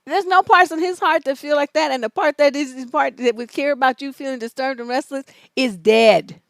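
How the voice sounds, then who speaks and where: A high-pitched woman relationship coach hosts a live-stream advice show, reading out viewer letters. She answers in a blunt, profane, scolding way. Her voice is recorded close and dry, with no room sound. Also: brisk, gravelly, a bit bright, dry recording. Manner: mocks letters in an exaggerated high voice.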